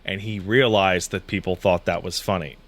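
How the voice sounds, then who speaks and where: A man in his thirties, a podcast co-host, telling a family story in casual chat, animated and swearing freely. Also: low-pitched, normal speed.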